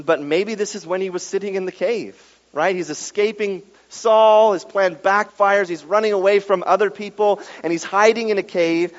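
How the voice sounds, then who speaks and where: A man preaching a sermon, telling a story with lively acted-out quotes and dropping to a hushed tone when reading scripture. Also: on the high side. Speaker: pastor. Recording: dull sound with long reverb in a large room.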